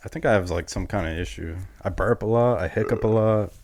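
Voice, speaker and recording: A laid-back man from southeastern Massachusetts co-hosts a podcast in relaxed casual chat and laughs often. His voice is on the low side. The sound is dry and close. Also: brisk, dry recording. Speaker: podcast co-host.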